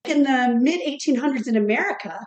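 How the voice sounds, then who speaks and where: A woman's voice: sits high, animated, brisk, darkish tone, echoey room, highs cut off. A woman co-hosting a home cooking show, reacting eagerly and explaining bits of food history. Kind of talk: casual cooking show chat. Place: home kitchen.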